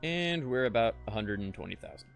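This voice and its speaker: A man's voice: medium pitch, lively intonation, fairly quick, gravelly, faint music behind. A young man streaming a space game, talking to chat and muttering in frustration, swearing often. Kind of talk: casual live-stream commentary.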